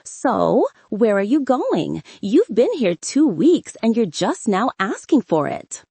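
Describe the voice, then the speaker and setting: A woman's voice: on the high side, sing-song, slow, mellow, slightly rough, no room sound, pitched above the performer's own voice, full character voice. A woman voicing a blunt, bossy seventy-seven-year-old grandmother with a Spanish accent in an audiobook. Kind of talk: audiobook character voice.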